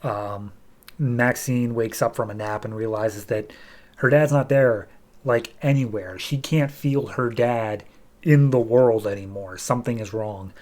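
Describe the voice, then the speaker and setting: A man's voice: medium pitch, unhurried, a little mellow. Casual young man recapping comics. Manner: loose, filler-heavy, acts out dialogue. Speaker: podcast host.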